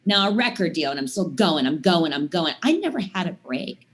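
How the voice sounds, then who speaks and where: A woman's voice: lowish voice, big pitch swings, moderate pace. A woman in her thirties, a singer guesting on a talk show, telling long stories in casual chat with lots of "I mean" and "like". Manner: rambling storyteller, many "I mean" and "like" fillers.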